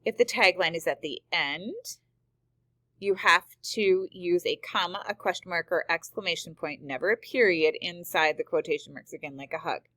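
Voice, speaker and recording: A woman's voice: lowish voice, moderate pace, fairly bright tone, no echo. Woman teacher explaining grammar, dry sound. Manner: explanatory, walks through examples aloud. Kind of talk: screen-recorded grammar lesson.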